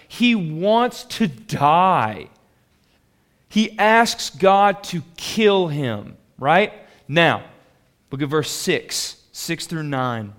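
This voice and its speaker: High-voiced, slow-talking male preacher. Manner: animated, conversational, reads scripture aloud. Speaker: pastor. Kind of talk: sermon.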